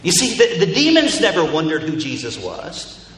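A man's voice: a little high, wildly swooping pitch, normal speed, fairly bright tone, slight background noise. Man, preacher, emphatic, repetitive phrasing, echoey room, faint background ambience. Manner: emphatic, repeats phrases for stress. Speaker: pastor. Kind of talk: sermon.

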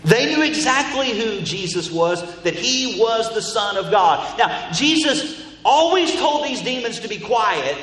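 Pastor, male, high voice, emphatic sermon delivery with repeated phrases, long church-hall reverb. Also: sing-song, measured pace, a bit bright. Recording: echoey hall reverb, faint ambience.

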